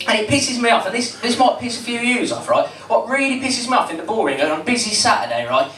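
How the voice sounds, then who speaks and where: Lively teenage stand-up comic. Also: male voice, very high voice, quick pace, far from the mic. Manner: rambling, chatty, crowd-baiting, many fillers. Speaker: stand-up comedian. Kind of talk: stand-up comedy. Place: comedy club stage. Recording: echoey room, heard from afar, noisy.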